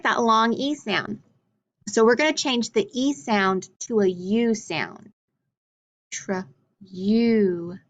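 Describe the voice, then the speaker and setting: A woman teaching a phonics lesson, sounding out letters and sounds clearly and drawing them out. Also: fairly high pitch, fairly bright tone. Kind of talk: slow, deliberate phonics lesson.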